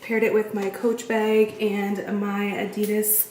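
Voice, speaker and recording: A woman's voice: mid-range voice, level tone, slow, a little mellow, roomy sound, a little hiss or hum. A young woman chatting casually in a vlog, talking while she eats at home. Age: young adult. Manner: chatty, talks while eating. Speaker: vlogger.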